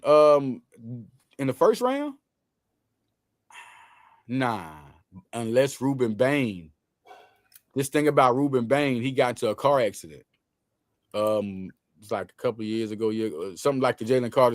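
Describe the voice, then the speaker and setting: Animated man talking football. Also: medium pitch, no room sound, studio quality. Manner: animated, loose slang, quick restarts. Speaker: sports show host. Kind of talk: casual sports talk.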